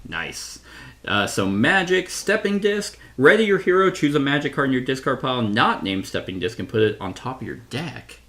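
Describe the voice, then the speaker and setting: A board game reviewer plays a solo card game by himself, thinking aloud, reading out card text, and correcting himself as he goes. His mid-range voice has lively intonation at a normal speed and sounds pushed and bright.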